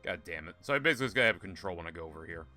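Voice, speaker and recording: A man's voice: sits low, expressive, very fast, bright, forceful tone, faint music behind. A man giving casual, sarcastic, profane commentary while playing a point-and-click game. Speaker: gaming streamer. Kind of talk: casual let's-play commentary.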